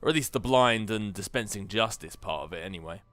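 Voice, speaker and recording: A man's voice: on the low side, lively intonation, brisk, a bit bright, faint music behind. A man giving casual, jokey commentary over a video game, musing aloud and laughing often. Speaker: gameplay commentator. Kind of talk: casual Let's Play commentary.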